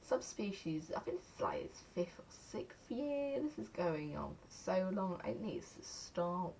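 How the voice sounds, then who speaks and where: A woman's voice: lowish voice, big pitch swings, a little slow, a little mellow, a little hiss or hum. A young English woman chatting casually to camera in a rambling, self-mocking way, counting aloud as she goes. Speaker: vlogger.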